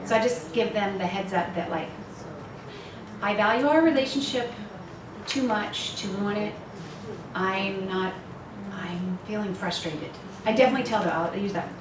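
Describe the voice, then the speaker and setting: A woman's voice: medium pitch, moderate pace. A woman in her fifties speaking candidly to a women's retreat, laughing often and poking fun at herself. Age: 50s. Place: retreat meeting room. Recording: echoey room, far mic, noisy.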